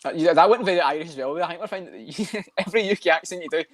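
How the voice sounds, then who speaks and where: A man co-hosting a podcast, chatting fast and loose with lots of swearing and jokes. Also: on the high side, dry recording. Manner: fast, swearing banter, doing fighter impressions. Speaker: podcast co-host. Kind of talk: casual chat.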